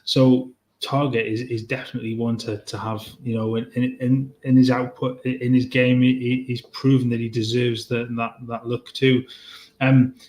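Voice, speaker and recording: A man's voice: mid-range voice, little pitch movement, moderate pace, a little mellow. A man co-hosting a casual football podcast, hesitant, often restarting his sentences as he builds his point. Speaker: podcast co-host.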